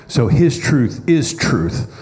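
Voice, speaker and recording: A man's voice: medium pitch, big pitch swings, takes it slowly, darkish tone. A man in a church Bible class, answering a question in an earnest, explaining way. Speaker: class member.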